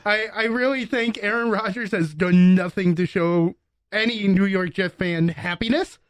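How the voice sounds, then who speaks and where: A man co-hosting a radio sports show, talking casually and quickly with halting restarts. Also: high voice, clean tone, no room sound. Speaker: radio co-host. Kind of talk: casual chat. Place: radio studio.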